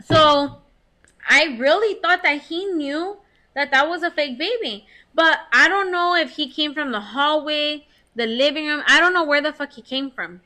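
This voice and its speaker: A woman's voice: high voice, normal speed. A woman co-hosting a podcast, telling a story in casual chat with lots of swearing and laughter. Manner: animated, heavy swearing, laughs while telling. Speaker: podcast co-host.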